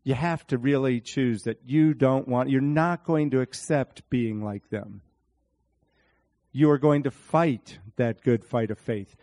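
A man preaching a sermon, animated, speaking to his congregation by name and acting out Bible scenes in different voices. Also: mid-range voice, a little slow.

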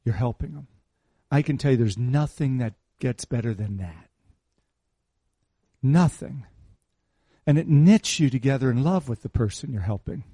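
A man's voice: medium pitch, lively intonation, normal speed, long pauses, dark tone, slightly rough, no echo, studio quality. A middle-aged man preaching a sermon in a conversational, teasing way, repeating his key phrases. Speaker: pastor.

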